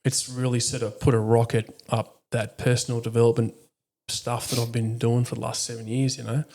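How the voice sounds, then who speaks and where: A man plays a military veteran and father being interviewed on a podcast. His voice sits at a middle pitch, and he speaks frankly and reflectively. He swears freely as the conversation goes on. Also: level tone, fairly quick, a little mellow.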